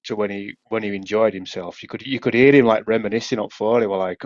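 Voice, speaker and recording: Speaking fast with few pauses, a man with a low, steady voice and a Yorkshire accent spins a long story as co-host of a casual podcast. He rambles, restarts many times, swears, and laughs a lot, and the recording is dry and muffled.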